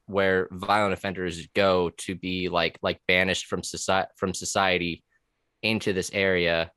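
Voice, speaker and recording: A man's voice: low voice, level tone, unhurried, bright, forceful tone, smooth, no room sound, studio quality. A man talking casually on a podcast about his time as a corrections officer. He rambles with many fillers, restarts and curse words.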